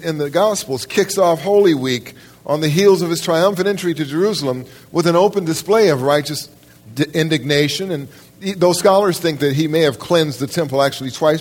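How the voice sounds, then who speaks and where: A man preaching a sermon to a church congregation, emphatic, often restarting his words and putting questions straight to his listeners. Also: on the high side. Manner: addresses the congregation directly with questions. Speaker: pastor. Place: church service.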